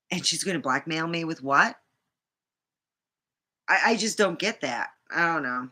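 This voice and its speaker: A woman's voice: sits low, a little slow, pauses often, pushed and bright. A middle-aged woman vlogger telling a rambling dating story, full of fillers and restarts. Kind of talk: casual storytime monologue.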